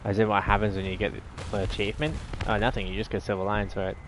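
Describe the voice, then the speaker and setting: A man's voice: on the low side, flat delivery, quick pace, background noise. An Australian man giving rambling, sarcastic live commentary while playing a video game, easily exasperated. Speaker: gaming channel host.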